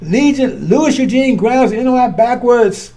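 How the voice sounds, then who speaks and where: Blunt, scornful preacher, high-voiced man. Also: expressive, a little slow, warm tone, slight background noise. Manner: blunt, scornful, repeats and restarts words. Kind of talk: fiery preaching.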